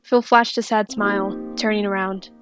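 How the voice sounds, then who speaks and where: A woman narrating a fanfiction story in a steady, soft-spoken reading. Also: mid-range voice, normal speed, soft background music. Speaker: fanfiction reader.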